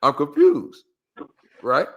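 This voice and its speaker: Male storyteller from LA, fairly high voice, animated, acts out quotes. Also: takes it slowly, dull audio. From Los Angeles. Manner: acts out quoted voices, slang-heavy, rhetorical asides. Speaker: guest storyteller. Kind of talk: animated storytelling in casual chat.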